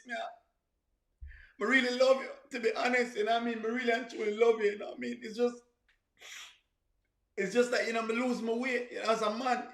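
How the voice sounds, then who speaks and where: A man's voice: very high-pitched, gravelly, reverberant, exaggerated voice. A man doing a pleading lover. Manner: pleading, soft, rambling. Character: remorseful man begging a woman to take him back.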